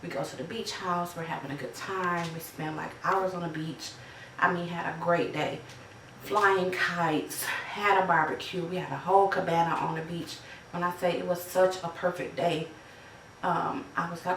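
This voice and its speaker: A woman's voice: on the low side, level tone, normal speed, a bit bright, echoey room, distant mic, a little hiss or hum, poor audio. A woman, telling her own story in a conversational way, full of fillers and quoted dialogue. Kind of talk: personal testimony.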